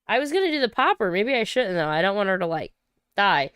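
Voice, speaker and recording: Woman host from Saint Louis, bubbly casual stream chatter, clean smooth tone, dry close mic. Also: mid-range voice, sing-song, a bit bright, no echo. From Saint Louis, USA. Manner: bubbly, chatty, quick to laugh and cheer. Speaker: livestream host. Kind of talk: casual livestream chat.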